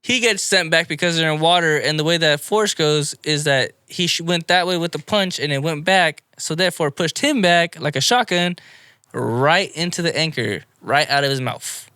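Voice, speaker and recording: A man co-hosting a casual podcast, recapping anime episodes in a rambling, animated play-by-play. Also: a little high, normal speed, smooth, no echo, clean studio sound. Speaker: podcast co-host.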